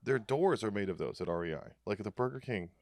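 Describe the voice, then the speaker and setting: A man with a lowish voice co-hosts a loose comedy podcast. He delivers dark jokes deadpan and wanders off on rambling tangents. The recording is dry and close, with no room sound. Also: fast, no room sound. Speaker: podcast co-host. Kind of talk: casual comedic chat.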